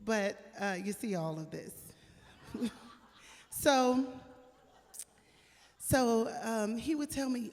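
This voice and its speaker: A woman's voice: fairly high pitch, expressive, drawn-out words, long pauses, darkish tone. A woman singer telling a chatty story from a club stage into a handheld microphone, laughing as she goes. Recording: live room with long reverb and music behind. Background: live band music.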